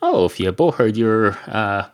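A man voicing a sharp-tongued female supermarket clerk in an improvised comic story, with sardonic and muddled retorts. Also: fairly low pitch, very animated, unhurried.

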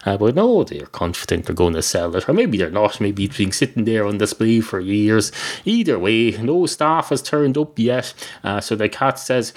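A man telling a rambling improvised comic story on a podcast, deadpan and digressive with many fillers. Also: lowish voice, moderate pace.

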